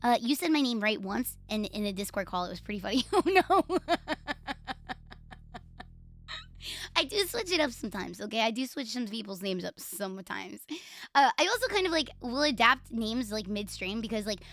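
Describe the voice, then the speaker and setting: A woman's voice: a little high, big pitch swings, normal speed, fairly bright tone, no room sound. A woman with a Puerto Rican accent chatting casually on a live stream, playful, profane and teasing herself and her viewers.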